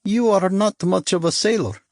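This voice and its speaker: A man's voice: high-pitched, moderate pace, dry recording, studio quality, pitched above the performer's own voice. A man voicing a thin, doleful sailor with an Eastern European accent. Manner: doleful, mournful.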